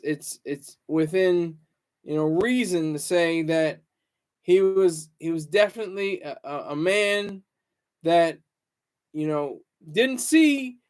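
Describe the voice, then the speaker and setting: A man with a notably high voice for his sex holds a solo talk-show monologue. He talks in a halting, wandering way, often restarting words and leaning on fillers, with an earnest, reflective tone. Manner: halting and rambling, repeats words, many fillers. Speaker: show host.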